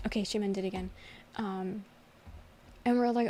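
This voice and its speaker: A young woman streamer telling a story in a casual livestream chat, animated and laughing often. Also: medium pitch, normal speed, slight background noise.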